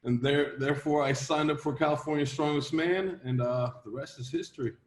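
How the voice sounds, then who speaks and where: A man in his thirties from Latvia, a strongman guest telling his story in a steady, measured way in a casual interview. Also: a little high. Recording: roomy echo.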